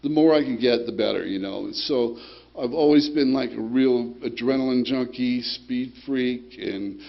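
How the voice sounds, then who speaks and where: A man's voice: mid-range voice, unhurried, creaky, muffled recording. A man giving a rambling, streetwise personal testimony at a recovery group meeting, swearing and often asking "you know, right?". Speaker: speaker sharing his recovery story.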